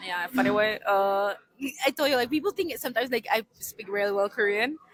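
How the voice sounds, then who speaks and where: A woman in her thirties, a podcast guest, telling a funny story in casual, animated talk with non-native English grammar, laughing often and repeating herself. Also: medium pitch, brisk, rough recording.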